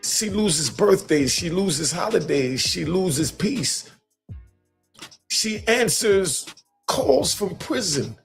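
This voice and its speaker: A man's voice: sits high, very animated, slow pace, gravelly, faint music behind. A middle-aged man hosting a live stream, giving street-wisdom commentary in a preachy way and repeating key lines for emphasis.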